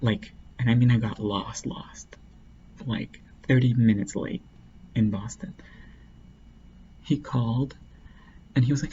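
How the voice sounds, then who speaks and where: A man's voice: medium pitch, fairly even intonation, moderate pace, pauses often, dark tone, lo-fi sound, slight background noise. A man casually telling a long, rambling story, full of "like" and restarts. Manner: rambling, heavy use of "like".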